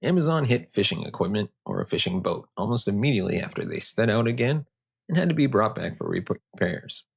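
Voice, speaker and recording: A man's voice: fairly low pitch, very animated, brisk, creaky, slightly rough. A man hosting a history show, narrating with joking, conversational asides. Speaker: host.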